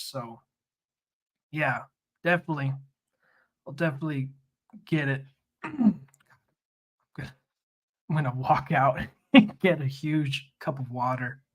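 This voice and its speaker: A young man chats casually with his stream audience while he works, laid-back and quick to laugh, tossing in "dude" and "man". His voice sits a bit high for a man and has a bright, forward edge. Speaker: streamer coloring a comic live. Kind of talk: casual live-stream chat.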